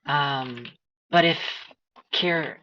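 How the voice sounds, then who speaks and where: A woman playing a tabletop game who talks in a thoughtful, halting way. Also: low voice, slight background noise. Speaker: player. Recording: dull lo-fi sound.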